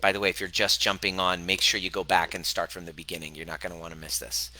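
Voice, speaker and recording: A man's voice: flat delivery, fast, pushed and bright, dry recording, rough recording. A man in his forties giving a motivational self-help talk as host and coach, speaking bluntly and swearing freely. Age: 40s. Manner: blunt and profane, with emphatic, swooping pitch.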